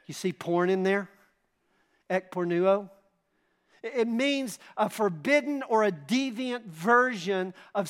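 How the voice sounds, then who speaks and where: High-voiced man preaching emphatically. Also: a bit bright. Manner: emphatic, with rhetorical questions to the congregation; dramatic retelling of scripture. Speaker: pastor. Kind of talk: sermon.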